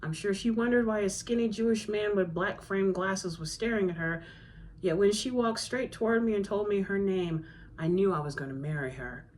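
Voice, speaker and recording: A woman's voice: mid-range voice, moderate pace, a little mellow, slight background noise, lightly acted. A woman voicing a fond, nostalgic father who tells his love story tenderly. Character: fond older man, dreamy romantic father.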